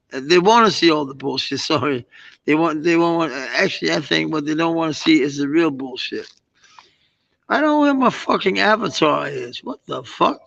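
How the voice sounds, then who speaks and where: A man's voice: mid-range voice, gravelly, a bit bright. A man with a Danish accent chatting casually on a live stream, rambling and swearing often with many restarts. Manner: meandering, profane, many restarts. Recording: dull lo-fi stream audio.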